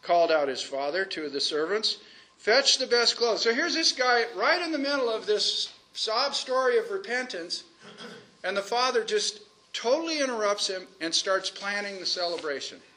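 A man preaching a sermon in a conversational way, asking the congregation questions and slowing down to stretch out key phrases. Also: high voice, big pitch swings, bright, forceful tone.

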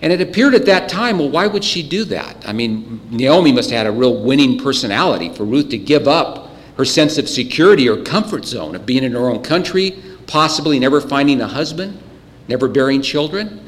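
A man preaching a sermon earnestly, clearing his throat often, his voice a little choked up. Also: mid-range voice, lively intonation, a little fast, in a large hall. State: voice getting choked up. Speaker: pastor.

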